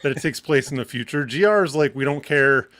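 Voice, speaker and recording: A man from Michigan co-hosting a casual live entertainment show, excitable and swearing freely, laughing often. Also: medium pitch, a little fast. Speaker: co-host. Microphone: wired mic on a short cord.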